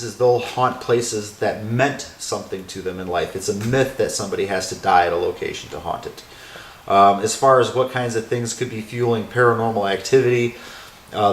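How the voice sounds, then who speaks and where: A man who owns an old school building, answering interview questions in a rambling, casual way with lots of fillers. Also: fairly low pitch. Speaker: owner of a haunted former school. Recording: roomy echo with faint music.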